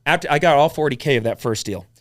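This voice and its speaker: A man telling his story as a podcast guest, blunt and animated, swearing freely as he talks. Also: on the high side, quick pace. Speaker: podcast guest, real estate investor. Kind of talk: casual storytelling chat.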